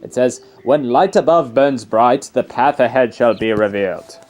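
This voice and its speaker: A man's voice: mid-range voice, normal speed, darkish tone, natural voice. A man voicing a posh, pompous male archaeologist from a video game, in a put-on British accent. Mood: enthused. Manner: posh, pretentious, declamatory.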